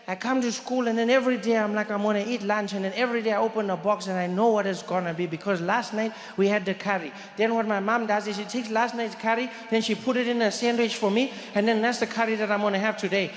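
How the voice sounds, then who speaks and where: A man's voice: extremely high pitch, a little hiss or hum, pitched above the performer's own voice. A man playing an exasperated schoolboy friend who shrieks and then sighs wearily about his lunch. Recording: echoey theater hall.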